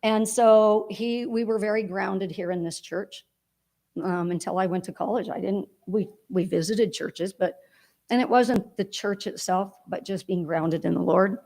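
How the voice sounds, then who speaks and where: A woman's voice: mid-range voice, fairly even intonation, a little slow, gravelly, darkish tone. A woman giving a heartfelt, rambling eulogy for her father at a church memorial service.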